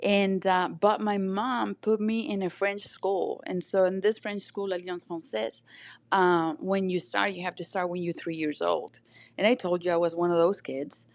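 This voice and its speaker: This is a woman with a Chilean Spanish accent and a fairly low voice that has a gravelly, fry-tinged edge. She speaks as a podcast guest in a reflective, storytelling way, pausing often on fillers as she thinks aloud. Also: fairly even intonation. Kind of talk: casual conversation.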